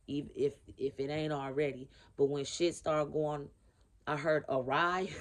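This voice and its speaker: A woman giving a casual spiritual reading to camera in a blunt, profane, emphatic way, repeating her key phrases. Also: sits low. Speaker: spiritual reader.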